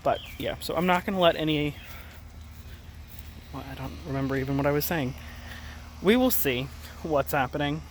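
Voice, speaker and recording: A gardening vlogger with a slightly high voice talks at a normal speed, pausing often as he rambles through a casual tour of his garden. He's chatty, keeps correcting himself, and loses his train of thought a lot. The outdoor recording catches birds and rural ambience, and he sometimes drifts far from the mic.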